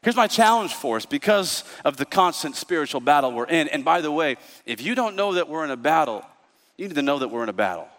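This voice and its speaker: A male pastor preaching a sermon, telling stories in an animated way and acting out the voices of the people in them. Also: fairly high pitch, fast, big-room sound. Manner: storytelling, animated, acts out voices. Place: church.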